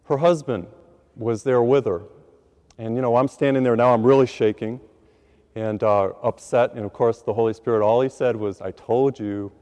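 A male priest tells a story from the pulpit in a mid-pitched voice, animated and poking fun at himself as he acts out his own lines. The sound hangs in a long reverb. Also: moderate pace, highs cut off. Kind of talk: storytelling sermon.

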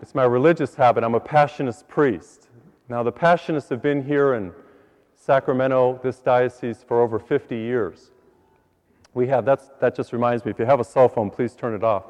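A man, a priest, preaching to a live congregation in a relaxed, folksy way and telling jokes between his points. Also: medium pitch, moderate pace. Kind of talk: joke-filled sermon. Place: large church. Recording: long church reverb, dull sound. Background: congregation laughing.

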